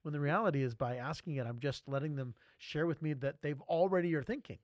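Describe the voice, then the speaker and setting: A man hosting a casual church podcast discussion, animated and self-deprecating as he tells stories. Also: a little high, quick pace, dry recording. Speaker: podcast host.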